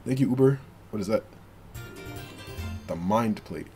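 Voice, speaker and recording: A man giving excitable, slangy, joking commentary while playing a video game, swinging from low mutters to yells. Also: a little slow, faint music behind. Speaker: gaming streamer. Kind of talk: let's play commentary.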